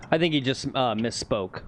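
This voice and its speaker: Male co-host, hesitant chatter, outdoor golf stream with clear noise. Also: medium pitch. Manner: hesitant, lots of fillers. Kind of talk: casual livestream chat.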